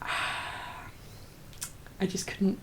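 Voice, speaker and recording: Brief: young woman, soft-spoken ASMR chat, breathy half-whispers, teary and rambling, faint background hum. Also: very slow, rough recording. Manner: rambling, full of fillers and laughs. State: teary, emotional. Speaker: ASMR creator.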